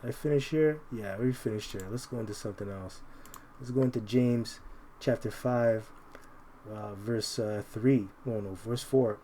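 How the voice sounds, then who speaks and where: A man giving an informal, combative scripture commentary. He reads verses slowly and keeps tacking "man" onto his lines. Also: on the low side, warm tone, slight background noise. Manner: combative, repeats "man" constantly. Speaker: Bible teacher.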